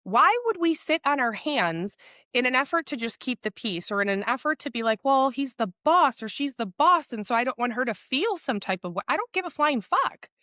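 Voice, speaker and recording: A woman's voice: a little high, expressive, a little fast, sharp tone, no room sound, clean studio sound. A woman hosting a solo podcast, talking bluntly and candidly, swearing freely and telling stories. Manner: blunt, frequent swearing, storytelling; quotes others in acted voices. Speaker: podcast host.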